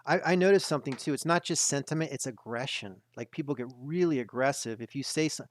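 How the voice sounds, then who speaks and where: A man's voice: mid-range voice, fast talker, no echo. Insistent man in a dry webinar talk. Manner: emphatic, repetitive, insistent. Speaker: market analyst hosting a webinar. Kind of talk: webinar market commentary.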